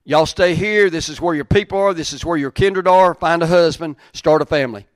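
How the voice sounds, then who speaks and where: A woman's voice: lowish voice, fairly quick, dry recording, pitched above the performer's own voice, natural voice. A man voicing a weary older widow who bluntly tells her daughters-in-law to go home, in a folksy way. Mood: resigned. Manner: blunt, folksy, plain-spoken.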